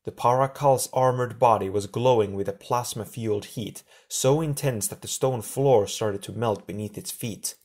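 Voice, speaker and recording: A man narrating an audiobook chapter in a steady storytelling manner. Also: mid-range voice, normal speed, few pauses. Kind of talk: scripted narration.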